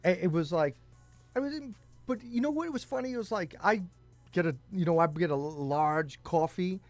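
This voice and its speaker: A man's voice: sits high, lively intonation, fairly quick, darkish tone, no echo, faint music behind. Chatty man telling stories with laughs. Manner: storytelling, laughs often, swears. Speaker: podcast co-host. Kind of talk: casual chat.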